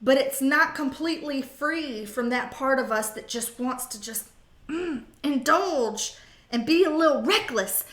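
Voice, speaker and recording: A woman's voice: sits high, animated, unhurried, a bit bright, roomy sound. A woman giving a casual tarot reading, blunt and sassy, with playful swearing. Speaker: tarot reader.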